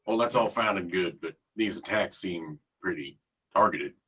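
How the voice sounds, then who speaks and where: A man playing a tabletop game, chatting in a quick, joking way. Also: low voice, bright, forceful tone, breathy edge. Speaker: player. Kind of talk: casual tabletop game chat.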